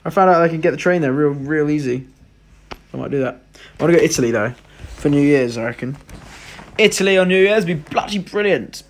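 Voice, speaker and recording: Young guy chatting on a live stream, reading comments, a bit high voiced. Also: quick pace. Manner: chatty, reads out viewer comments, jokey. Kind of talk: casual live stream chat.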